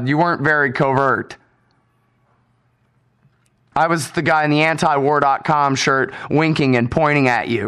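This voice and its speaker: Angry ranting American radio host. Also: male voice, on the high side. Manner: indignant, sarcastic, loud, swearing. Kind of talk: solo radio monologue rant.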